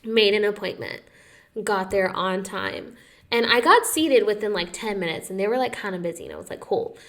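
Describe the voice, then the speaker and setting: Creaky young woman telling a story. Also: medium pitch, normal speed. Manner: animated storyteller who acts out quotes, says "like" often. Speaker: podcast co-host. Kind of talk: casual chat, storytelling.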